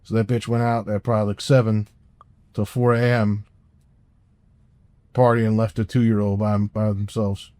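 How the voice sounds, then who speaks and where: A man's voice: lowish voice, level tone, moderate pace, long pauses, warm tone, no room sound. A man co-hosting a podcast, telling a personal story in a casual, rambling way with frequent restarts and swearing. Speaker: podcast co-host.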